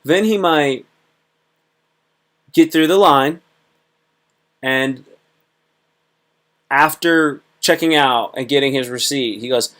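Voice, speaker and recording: A man's voice: medium pitch, takes it slowly, pauses often, a bit bright. A man hosting a casual livestream talk, rambling and repetitive, often acting out little dialogues. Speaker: host. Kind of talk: casual livestream monologue on self-improvement.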